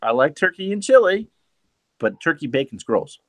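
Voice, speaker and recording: A man's voice: on the high side, big pitch swings, normal speed, a bit bright, dry recording. A man in a casual online group chat, trading jokes and teasing banter. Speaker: regular chat participant.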